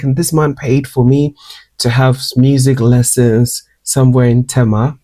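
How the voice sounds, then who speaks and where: Mellow-voiced Ghanaian man telling his story. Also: mid-range voice, moderate pace, dry recording. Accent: Ghanaian English. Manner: expressive, switches into lively quoted voices. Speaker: makeup artist and singer. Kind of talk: personal storytelling vlog.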